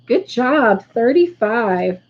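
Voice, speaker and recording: A woman hosting a casual livestream, slowly tallying up points for viewers. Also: a little high, very animated, lo-fi sound. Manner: slow, careful tallying of points. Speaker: livestream host.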